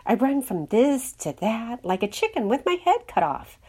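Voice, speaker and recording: A woman's voice: on the high side, sing-song, moderate pace, darkish tone, husky, voice pushed up. A woman reading a storybook part as a frazzled, overworked woman who whines and complains of exhaustion. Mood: whining. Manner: whining, breathless complaint.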